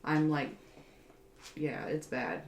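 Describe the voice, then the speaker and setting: A woman's voice: sits low, expressive, slow pace, darkish tone. Woman, co-host, casual chat, blunt, laughs a lot, faint hiss. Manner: chatty, swears casually, laughs often. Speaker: podcast co-host. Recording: echoey room, faint background hiss.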